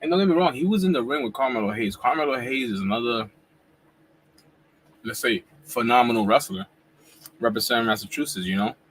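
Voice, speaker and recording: A man in his forties hosting a casual live wrestling reaction chat at home, talking in relaxed slang while he eats. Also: mid-range voice, brisk, pauses often, slight background noise, poor audio. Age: 40s. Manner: laid-back slangy talk, eating while talking. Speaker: wrestling YouTuber host.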